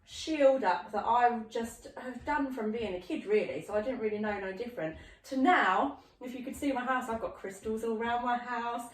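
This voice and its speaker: A woman's voice: a little high, moderate pace, hardly any pauses. A woman hosting a casual podcast, talking frankly and chatting with her guest. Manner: chatty, frank, agreeable listener. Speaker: podcast host. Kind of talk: casual chat. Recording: roomy, distant mic.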